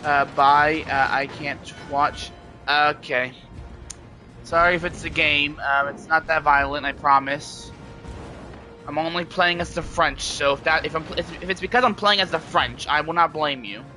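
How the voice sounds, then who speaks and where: A man's voice: a little high, measured pace, bright, forceful tone, faint music behind. A man streaming a game, chatting casually to viewers in a rambling way and often restarting his sentences. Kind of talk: casual live-stream chat.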